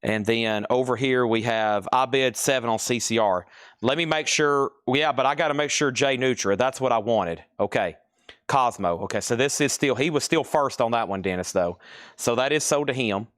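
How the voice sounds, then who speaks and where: Man, live sale host, chatty and teasing, mid-pitched voice, dry close sound. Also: fairly bright tone, dry recording. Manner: chatty, teasing, reading prices quickly. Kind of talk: casual live-stream selling. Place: store.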